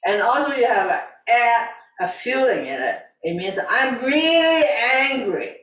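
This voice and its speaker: A woman teaching a tai chi class, calmly repeating breathing cues in simple, broken grammar. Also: a little high, unhurried. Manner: calm, repetitive breathing cues, simple non-native grammar. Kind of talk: guiding an exercise class. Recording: echoey room, voice from a distance.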